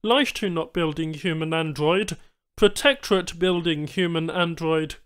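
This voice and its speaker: A man's voice: a little high, measured pace, fairly bright tone, smooth, pitched above the performer's own voice. A man voicing a male alien trader who speaks in clipped, broken phrases with formal apologies.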